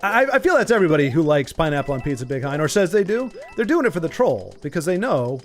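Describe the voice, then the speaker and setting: A man with a fairly high, sing-song voice talks fast over soft background music. He's streaming a video game and rambles through casual, joking chat with his viewers.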